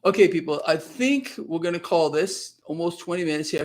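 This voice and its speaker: A man's voice: a little high, expressive, normal speed, few pauses. A man hosting a casual live stream, chatting in a rambling way and reading viewer comments aloud.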